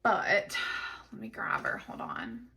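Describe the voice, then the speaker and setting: A woman book vlogger in casual chat to the camera, chatty and animated, gushing over her reads. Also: a bass voice, slow pace, creaky, a little hiss or hum.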